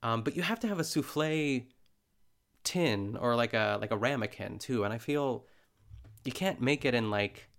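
A man hosts a podcast in a casual, chatty style, laughing often and using lots of filler words. His voice is mid-range and fairly bright, with lively intonation at a normal speed.

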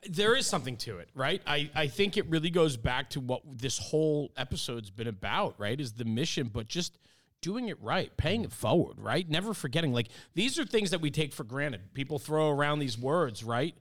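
A man's voice: on the high side, expressive, moderate pace, fairly bright tone. A man hosting a podcast interview, summing up his guests' points in a reflective, affirming way. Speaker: podcast host. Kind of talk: casual interview.

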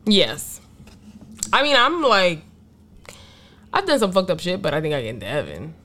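Casual woman with lively pitch. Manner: loose, swearing, drawn-out fillers. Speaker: podcast co-host. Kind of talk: casual chat.

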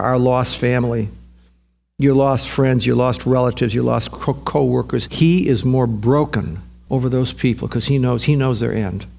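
A man preaching a sermon in an earnest way, repeating words and rising in pitch when stirred. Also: gravelly. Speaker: pastor.

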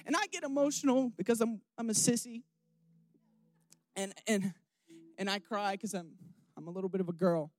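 A young man preaching a candid sermon, rambling with restarts and questions to his listeners, swinging from hushed emotion to loud rousing calls. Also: high-pitched, moderate pace, long pauses.

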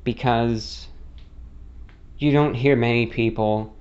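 American man, faint non-rhotic lilt, rambling host, mid pitch, slightly dull audio. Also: fairly even intonation, slow, darkish tone. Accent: American with a mildly non-rhotic, slightly British-like lilt. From United States. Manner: rambling, self-correcting storyteller. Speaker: broadcast host answering a listener question. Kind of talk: casual monologue.

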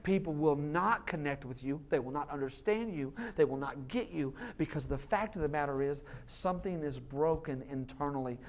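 Pastor guy preaching, jokey and animated, keeps doing little voices. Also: on the high side, moderate pace, few pauses. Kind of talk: sermon.

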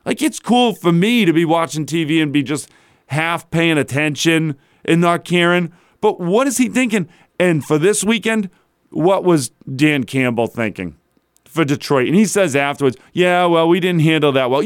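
A man hosts a sports talk show, his voice sitting a little high for a man. He rants in disbelief, piling rhetorical question on question. The sound is dry and close, with no room around it. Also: expressive, moderate pace, clean tone, no room sound. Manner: incredulous, builds to exasperated rhetorical questions. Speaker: sports radio host. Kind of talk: animated sports talk rant.

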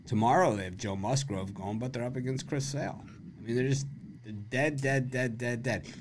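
A man's voice: medium pitch, background noise. A man hosting a sports betting podcast, joking around, laughing often and giving blunt opinions. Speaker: podcast host. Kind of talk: casual sports betting chat.

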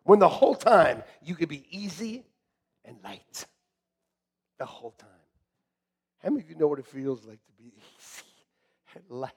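Lively husky-voiced man preaching. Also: fairly high pitch, moderate pace, pauses often. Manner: animated, laughing, jokey preaching. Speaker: pastor. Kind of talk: sermon.

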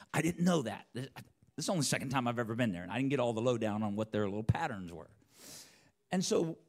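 A preacher telling a personal story in a church sermon, acting out both sides of the conversations. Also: male voice, mid-range voice, creaky. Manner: animated, acts out both sides of dialogue. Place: church sanctuary.

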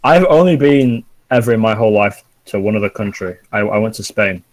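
A man's voice: fairly low pitch, expressive, a little fast, no echo, poor audio. A young man with an English accent, rambling and laughing as he chats with friends on a podcast. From England. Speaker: podcast co-host. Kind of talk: casual chat.

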